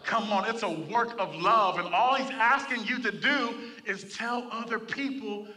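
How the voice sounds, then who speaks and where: A man's voice: high-pitched, unhurried, bright, forceful tone, recorded from a distance. A man preaching a sermon in church, reading scripture and calling for responses from the congregation. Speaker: pastor.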